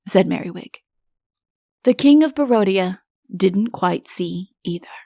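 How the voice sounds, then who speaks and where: A woman reading a comic fairy tale aloud with wry, deliberate timing. Her voice has a gravelly edge, and the recording is dry and close with no room sound. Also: mid-range voice, animated, darkish tone, no echo. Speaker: audiobook narrator. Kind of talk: scripted audiobook narration.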